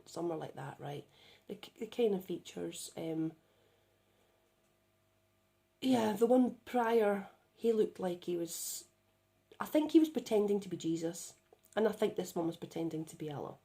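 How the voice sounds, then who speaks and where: A woman's voice: lowish voice, dark tone. A woman telling a spiritual experience in a casual, chatty way, often checking in with "right?", recorded on a phone. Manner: chatty, with frequent "right?" tag questions. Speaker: spiritual channeler.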